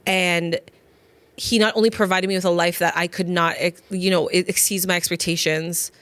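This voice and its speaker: A woman in her thirties or forties co-hosting a podcast, telling her faith story earnestly in quick bursts. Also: on the low side, steady tone, a bit bright, dry recording. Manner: earnest, talks in bursts with many fillers and restarts. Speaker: podcast co-host. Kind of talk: heartfelt faith conversation.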